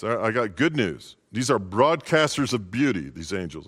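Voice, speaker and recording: Folksy low-voiced pastor. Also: male voice, very animated, fairly quick, hardly any pauses, fairly bright tone. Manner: folksy, conversational. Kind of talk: informal holiday sermon.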